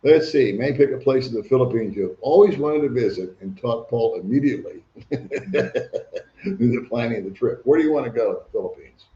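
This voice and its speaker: A man's voice: medium pitch, animated, normal speed, warm tone. An older man hosting a casual livestream, chatting and reading viewer comments aloud. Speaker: livestream host. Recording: echoey room, dull lo-fi sound.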